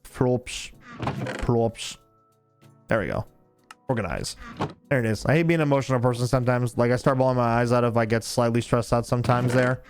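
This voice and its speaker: A man's voice: medium pitch, fairly quick, long pauses, over music. A young man streaming a game, chatting casually and rambling with heavy swearing. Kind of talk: casual chat while gaming.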